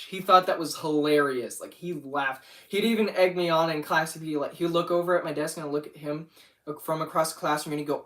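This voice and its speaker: A man's voice: fairly high pitch, fairly even intonation, a little fast, fairly bright tone, recorded from a distance. A young man rambling casually about his animation channel on a livestream, often getting sidetracked. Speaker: channel owner.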